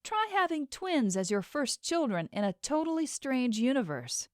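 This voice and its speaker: A woman's voice: high-pitched, sing-song, normal speed, no room sound, clean studio sound, voice pushed up. A woman voicing a frightened, furious young wife in an audiobook, ranting and tearful. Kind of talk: audiobook character voice.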